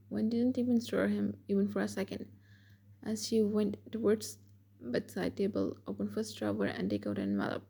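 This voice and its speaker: A woman narrating a fan fiction romance story in a steady scripted read. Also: medium pitch, moderate pace, creaky, slightly rough.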